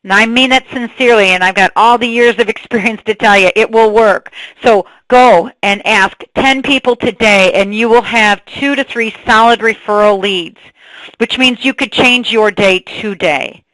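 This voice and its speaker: A woman giving a sales training webinar, energetic and asking her audience questions, on a computer mic. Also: fairly high pitch, normal speed, no echo, rough recording.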